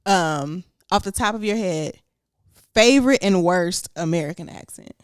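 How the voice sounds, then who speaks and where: A woman from Houston with a Texan accent, co-hosting a casual podcast chat in a lively, giggly, animated way. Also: on the low side, moderate pace, smooth, dry recording, clean studio sound. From Houston, Texas. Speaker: podcast co-host.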